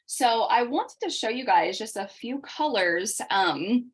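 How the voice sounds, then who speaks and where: Fast-talking woman teaching a makeup class. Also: a little high, animated. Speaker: makeup instructor. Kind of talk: online class presentation.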